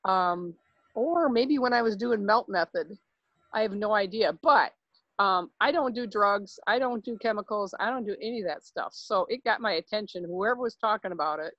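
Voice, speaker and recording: A woman's voice: mid-range voice, normal speed, dry recording, highs cut off. A woman taking part in a casual class, chatting in an offhand, easygoing way. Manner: offhand, laughing easily. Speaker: class participant. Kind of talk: casual chat.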